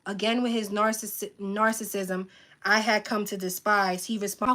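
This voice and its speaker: A woman hosting a live stream, reading a memoir aloud with frequent stumbles and self-corrections, pausing to plead with her viewers. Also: medium pitch, flat delivery, sharp tone. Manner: earnest pleas to viewers, frequent "um". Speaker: channel host reading a book aloud.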